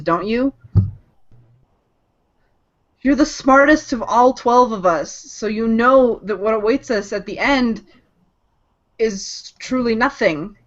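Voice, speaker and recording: A woman's voice: a little high, natural voice. A woman voicing an earnest young female mage who pleads urgently, in an amateur manga read-along. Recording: dull lo-fi podcast audio.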